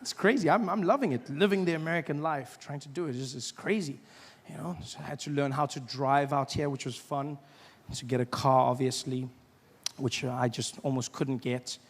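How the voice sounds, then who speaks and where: A young man from South Africa with a South African accent, telling stories in a stand-up comedy set and bursting into loud acted shouts. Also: mid-range voice, moderate pace, husky, in a large hall. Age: 20s.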